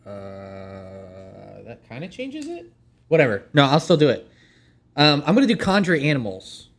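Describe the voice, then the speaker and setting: A man takes part in a casual tabletop game. His voice sits in a middle register. He plans his turn out loud and reads out the rules as he goes. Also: mid-range voice, wildly swooping pitch, unhurried. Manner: thinks aloud, reads out spell rules. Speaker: player. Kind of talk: casual tabletop role-play chat.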